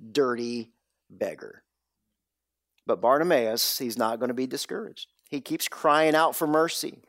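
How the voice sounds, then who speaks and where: A man's voice: a little high, no echo, studio quality. A man preaching a sermon, dropping into whispers and rising sharply for emphasis. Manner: dramatic, drops to whispers and rises for emphasis. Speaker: pastor.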